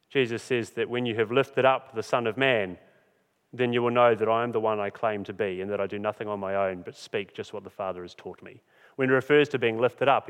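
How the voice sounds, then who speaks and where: A man preaching a sermon in an earnest, emphatic way, reading scripture and slowing down on key phrases. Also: medium pitch, fairly bright tone. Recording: long hall reverb.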